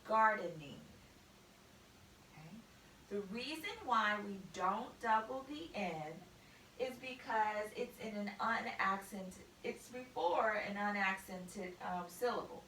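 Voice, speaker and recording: Woman teacher going slow through spelling, kinda far from the mic, roomy echo. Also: mid-range voice, bright, forceful tone, a little hiss or hum. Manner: slow, patient, spells out letters. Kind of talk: spelling lesson for a student.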